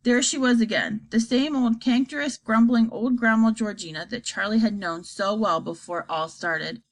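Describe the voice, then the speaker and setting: A woman narrating a children's storybook aloud in an expressive, animated way. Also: on the high side, moderate pace. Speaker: audiobook narrator.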